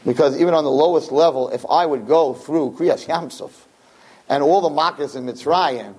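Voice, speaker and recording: Man, high voice, Torah class, reads verses then translates, animated, acts out dialogue. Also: moderate pace, slightly rough. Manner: animated, acts out dialogue with big pitch swings. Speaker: Torah teacher. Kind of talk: Torah class lecture to a live audience. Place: room with listeners.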